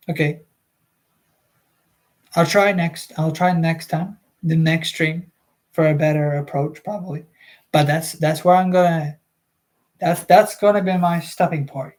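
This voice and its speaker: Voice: mid-range voice, steady tone, measured pace, a little mellow. Rambling casual book-reading streamer. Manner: rambling, many fillers and restarts. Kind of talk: casual livestream chat.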